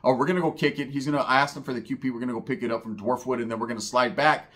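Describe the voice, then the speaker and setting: A man's voice: mid-range voice, fairly even intonation, racing, fairly bright tone. A man telling a comedic story in a profane, slang-heavy, rambling way.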